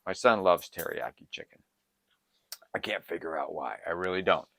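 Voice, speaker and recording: An older man giving excitable, rambling preparedness advice to his viewers, jumping from topic to topic. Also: deep voice, moderate pace, gravelly. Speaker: prepping channel host. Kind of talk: casual advice to camera.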